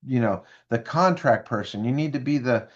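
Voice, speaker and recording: Here a businessman in his fifties, an interview guest, tells stories at normal speed in a mid-range voice, with the highs cut off. He is animated and plays out the voices of the people he quotes.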